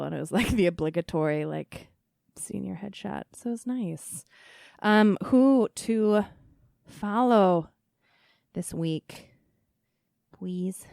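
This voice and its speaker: A woman's voice: on the low side, vocal fry, a little mellow, no room sound, clean studio sound. A woman in her thirties hosting a casual chat, laughing often and using lots of fillers. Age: 30s. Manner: laughing, chatty, self-deprecating with lots of fillers. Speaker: podcast host.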